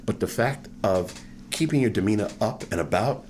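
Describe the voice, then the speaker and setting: A man in his fifties tells stories from his life in an oral history interview. His voice sits low but swings widely in pitch as he acts out the people he quotes. Faint room noise lies underneath. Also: expressive, moderate pace, darkish tone. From New York. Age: 50s.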